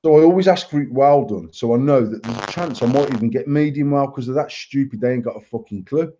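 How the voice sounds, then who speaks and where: A man hosting a live show tells crude stories in a casual chat, boastful and blunt, swearing nonstop. His medium-pitched voice is mellow and moves at a quick pace. The lo-fi live stream audio is dull, with a little hiss or hum.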